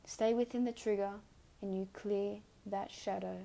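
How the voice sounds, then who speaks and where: A woman's voice: mid-range voice, fairly even intonation, a little slow, gravelly, mellow, slight background noise. A woman hosting a podcast, giving an earnest self-help talk with repeated coaching phrases. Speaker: podcast host. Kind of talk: reflective self-help monologue.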